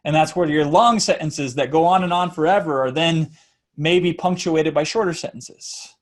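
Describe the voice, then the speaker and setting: Man, fairly high voice, lively speaking coach, chants examples to show rhythm. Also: moderate pace. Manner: animated, demonstrates rhythms by chanting and sounding out beats. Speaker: public speaking teacher. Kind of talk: teaching talk on speech delivery.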